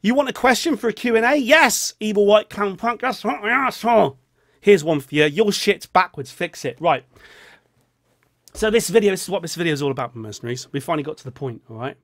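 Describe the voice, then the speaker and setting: A man talks in a loose, rambling vlog, joking as he goes while feeling ill. His voice sits fairly high and swings about a lot, and it often sinks into a low mutter on asides. The sound is close and dry. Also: animated, a little fast, a bit bright, dry recording. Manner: rambling, jokey, drops into a low mutter on a catchphrase. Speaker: vlogger.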